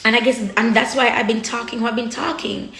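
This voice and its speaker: A woman's voice: fairly high pitch, little pitch movement, fairly quick, bright, forceful tone. Blunt, swearing woman vlogger in an echoey room. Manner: blunt, emotional, swears freely, repeats and restarts. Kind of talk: candid personal talk to camera.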